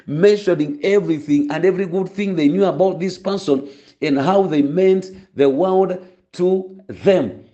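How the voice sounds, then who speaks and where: A man's voice: high voice, unhurried, mellow. A male pastor praying and preaching a sermon, fervent and full of stories. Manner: fervent, storytelling, many restarts. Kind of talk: sermon and prayer. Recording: dull lo-fi recording.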